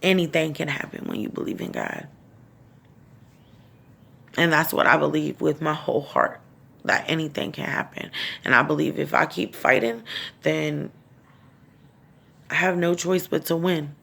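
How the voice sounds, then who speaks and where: In this emotional vlog on grief, a middle-aged woman talks from the heart, raw and swearing as she holds back tears. Her voice sits low, creaky and fairly bright, at a measured pace with frequent pauses.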